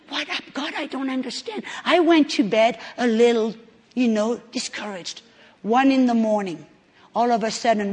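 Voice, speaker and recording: A middle-aged woman preaching a sermon at a conference, telling a story with emphatic swings from hushed tones to shouting. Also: medium pitch, breathy edge. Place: conference hall. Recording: long hall reverb.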